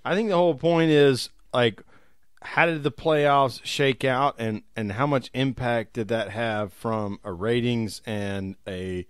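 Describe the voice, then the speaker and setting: A man's voice: medium pitch, slow, clean tone, dry recording, studio quality. A man co-hosting a racing podcast in casual, joking banter with frequent laughs. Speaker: podcast co-host. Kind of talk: casual chat.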